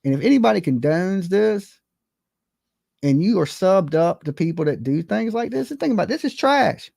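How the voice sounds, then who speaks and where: A man hosting a casual call-in stream, talking bluntly in slang and cursing, jumping from high exclaims to low mutters. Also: big pitch swings, moderate pace, vocal fry, a little mellow, no room sound. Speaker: livestream host. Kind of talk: casual call-in chat and commentary.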